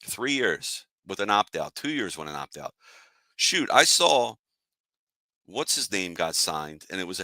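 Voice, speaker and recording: Male sports-show host, lowish voice, casual irritated rant, answers live chat. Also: bright, forceful tone, dry recording. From Philadelphia area. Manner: annoyed, fired-up, talks to chat viewers.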